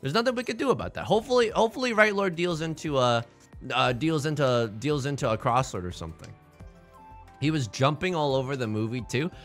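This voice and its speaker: A man's voice: on the high side, lively intonation, fairly quick, soft background music. A young man streaming a game, rambling in a goofy, jokey way as he plays. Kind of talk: casual game commentary.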